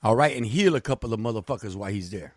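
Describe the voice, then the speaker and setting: A man with a slightly husky voice chats bluntly on a radio show, his pitch swinging widely as he tells stories. The sound is close and dry, with no room echo. He swears freely and keeps a loose, casual manner. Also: rapid-fire. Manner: blunt, animated storytelling with profanity. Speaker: co-host.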